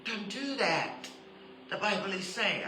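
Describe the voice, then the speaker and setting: A woman preaching a sermon who stresses her points by repeating them and turns soft and intimate when she appeals to her listeners. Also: mid-range voice, expressive, unhurried, echoey room, a little hiss or hum, poor audio. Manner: emphatic, repeats key phrases for stress.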